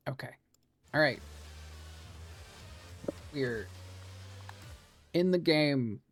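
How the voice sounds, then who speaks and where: A man's voice: on the high side, animated, extremely slow. A man streaming a video game, chatting casually as he plays, laughing often and swearing now and then. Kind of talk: casual gameplay commentary.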